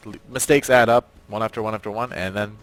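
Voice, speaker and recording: A man's voice: on the low side, steady tone, quick pace, a bit bright, soft background music. A man giving laid-back, joking color commentary on an esports match.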